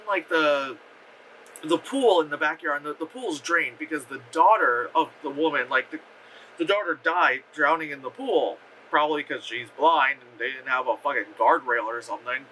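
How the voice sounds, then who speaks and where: Bright-voiced man ranting through a movie recap. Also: on the high side, moderate pace, a little hiss or hum, rough recording. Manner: profane, many fillers, animated retelling. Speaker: movie reviewer. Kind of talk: casual rambling film review.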